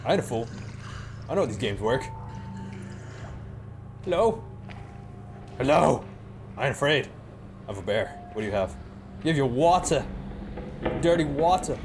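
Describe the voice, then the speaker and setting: A man's voice: mid-range voice, expressive, moderate pace, pauses often. A man playing a horror game and commentating it, jumpy and exclaiming, joking to his viewers. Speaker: let's play gamer. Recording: game music behind.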